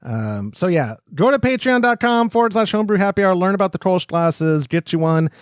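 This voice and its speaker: A man's voice: high-pitched, a little fast, clean tone, no echo, clean studio sound. A man hosting a casual podcast, chatting loosely, plugging sponsors, laughing often and correcting himself mid-sentence. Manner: animated, laughs often, rambling self-corrections. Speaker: podcast host.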